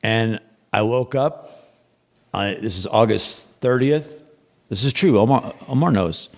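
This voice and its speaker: Gravelly-voiced man telling his story. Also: on the low side, unhurried. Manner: rambling, repeats words, quotes others in dialogue. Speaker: podcast guest. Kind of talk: casual storytelling.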